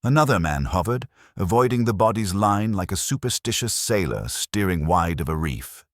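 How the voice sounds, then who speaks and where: A man reading a period mystery as a narrator, in measured, literary storytelling. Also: deep voice, expressive, no echo, clean studio sound. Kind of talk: scripted audiobook narration.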